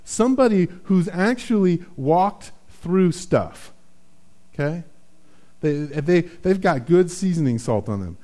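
A man's voice: on the high side, animated, slow, mellow. A man preaching a sermon in a conversational, self-deprecating way, often checking in with "right?". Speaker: pastor.

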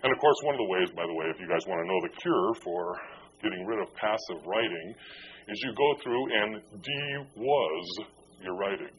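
A man's voice: low-pitched, animated, normal speed. A man preaching a conversational sermon as a pastor, joking and self-deprecating as he goes. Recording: dull lo-fi with faint noise.

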